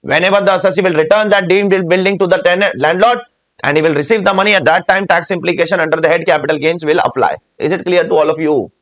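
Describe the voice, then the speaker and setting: High-voiced Indian man teaching tax. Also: quick pace, fairly bright tone. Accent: Indian English. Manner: asks the class frequent check questions; repeats and drills key points. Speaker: tax lecturer. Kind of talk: classroom lecture.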